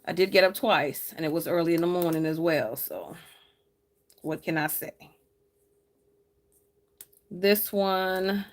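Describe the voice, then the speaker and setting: A woman's voice: slow, long pauses. Chatty, teasing woman planner vlogger. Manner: chatty, teasing, laughs often, lively swings in pitch. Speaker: planner vlogger reading live chat. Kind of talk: casual live chat while planning.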